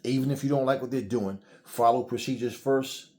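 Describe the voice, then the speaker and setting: A man's voice: medium pitch, fairly even intonation, fairly quick, darkish tone. A middle-aged man giving heated solo commentary, blunt and swearing freely as he vents. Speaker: channel host.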